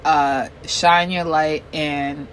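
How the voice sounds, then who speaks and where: A woman's voice: low voice, fairly even intonation, drawn-out words, slight background noise, poor audio. A woman co-hosting a podcast in casual chat, laid-back and reflective, laughing easily. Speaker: podcast co-host.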